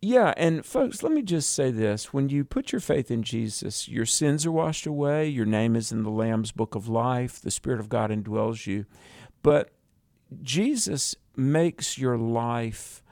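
A man co-hosting a radio Bible teaching show, speaking earnestly and slowing down to stress his points. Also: mid-range voice, sing-song, darkish tone, no echo. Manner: earnest, exhorting, slows for emphasis.

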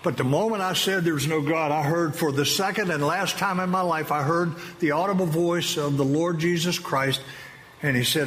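Guy telling his story to a crowd, earnest and halting, big echoey hall with a bit of background hum. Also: on the high side, a bit bright. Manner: earnest, halting, with slow emphatic phrases. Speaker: speaker giving a personal testimony to an audience. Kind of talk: emotional testimony speech. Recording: long reverb of a large hall with faint ambient noise.

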